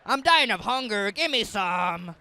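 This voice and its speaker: A preacher voicing a gruff, hungry, brutish hunter brother in a guttural caveman voice, pushy and streetwise. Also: high voice, lively intonation, unhurried, pushed and bright, pitched above the performer's own voice, full character voice. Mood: pleading.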